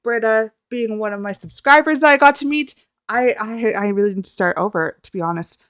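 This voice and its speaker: A young woman from Canada, telling a rambling, excitable story about meeting a group in a casual vlog, talking close to the mic. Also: a little high, fairly quick, clear, resonant tone, no echo. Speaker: YouTuber.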